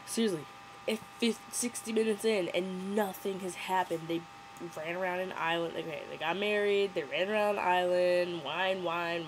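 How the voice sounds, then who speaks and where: A woman's voice: lowish voice, normal speed, noisy background. A young woman vlogger, sick, casually mocking a movie with sarcastic, giggly commentary.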